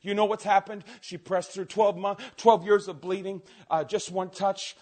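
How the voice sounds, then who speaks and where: A man preaching a sermon, telling stories with energy and swinging between quiet asides and loud outbursts. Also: high-pitched, moderate pace. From Canada. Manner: animated storytelling, swings from soft to shouting.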